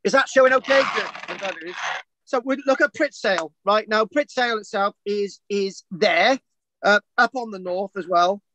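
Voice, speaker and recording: A man's voice: sits high, moderate pace, pushed and bright, a little hiss or hum, low-quality recording. A man from Wales teaching an online archaeology class over a video call, rambling and interrupting himself with jokes. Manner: rambling, self-interrupting, jokey. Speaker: archaeology tutor. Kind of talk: online lecture. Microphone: video call mic.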